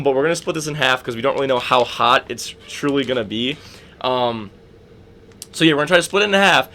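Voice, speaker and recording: A man's voice: medium pitch, a bit bright, slight background noise. A young man from the hosting a casual podcast, chattering nervously with lots of fillers. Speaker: podcast host. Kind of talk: casual chat.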